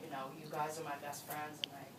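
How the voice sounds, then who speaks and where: A woman's voice: deep voice, flat delivery, fast talker. A woman giving a heartfelt, tearful wedding toast as the bride's best friend, at a reception. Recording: distant echoey room with crowd noise.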